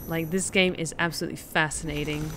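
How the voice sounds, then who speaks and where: A woman's voice: low voice, steady tone, fast talker, noisy background. A woman streamer casually commenting while she plays a horror game, musing and theorizing aloud. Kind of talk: casual let's-play commentary.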